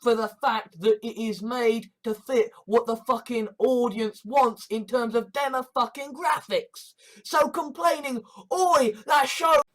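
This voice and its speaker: A woman's voice: on the high side, fairly even intonation, a little slow, hardly any pauses, rough recording. A woman giving a rambling, profane video monologue, agitated and often breaking off mid-sentence. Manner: profane, agitated, self-interrupting. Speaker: vlogger.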